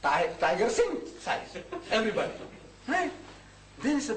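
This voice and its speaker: Speaking a little fast, a lively, high-voiced male lecturer tells stories to a live crowd, playing every part in the dialogue and frequently chuckling. A far-off mic in an echoey hall captures him, along with some hiss or hum.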